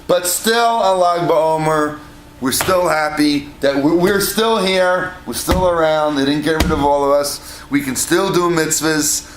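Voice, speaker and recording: Rabbi guy telling a story real slow, kinda high voice, echoey synagogue hall. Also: background noise. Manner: animated, acts out quoted voices. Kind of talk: storytelling lecture. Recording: echoey hall with faint ambience.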